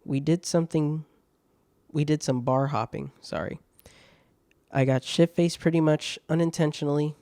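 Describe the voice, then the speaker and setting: A man with a mellow, fairly high voice reads online stories aloud on his podcast, breaking off to laugh and toss out crude, mocking asides. The recording is dry and close. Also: fairly even intonation, moderate pace, pauses often, dry recording. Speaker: podcast host.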